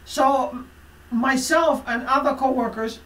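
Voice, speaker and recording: A woman life coach telling a motivational personal story, emphatic and expressive, with frequent fillers. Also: high-pitched, a little slow, distant mic. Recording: roomy echo from away from the mic.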